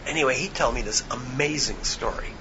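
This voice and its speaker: A man, an author on a panel, telling a history story in a lecture style, halting often with ums and restarts. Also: mid-range voice, muffled recording, noisy background.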